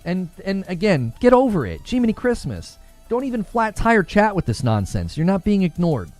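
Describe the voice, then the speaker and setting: A man's voice: sits high, very animated, normal speed, darkish tone, soft background music. A man hosting a casual gaming livestream, reading chat and talking back to it, laughing often.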